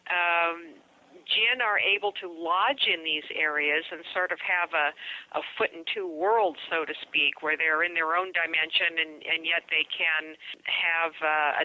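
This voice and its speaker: A woman speaking as a guest paranormal investigator, explaining in a measured way with frequent fillers. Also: fairly low pitch, fairly even intonation, bright, forceful tone. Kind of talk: explanatory interview answer. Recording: dry, muffled lo-fi line.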